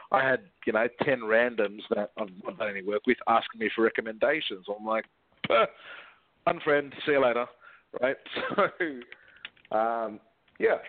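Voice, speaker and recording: A man's voice: fairly low pitch, no room sound. A man with an Australian accent, talking brashly and cheekily as a guest on a phone interview. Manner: brash, cheeky, laughs often. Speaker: guest recruiter. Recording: tinny phone line.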